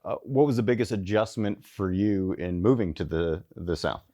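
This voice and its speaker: A man with a very low voice hosts a sports interview, tossing out relaxed, joking questions. The sound is dry and close, with no room echo. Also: normal speed. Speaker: interview host.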